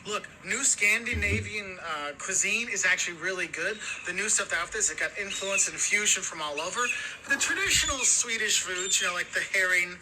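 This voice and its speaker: A man's voice: sits high, moderate pace, noisy background. A man presenting travel tips in a chatty, upbeat way, laughing easily as he goes.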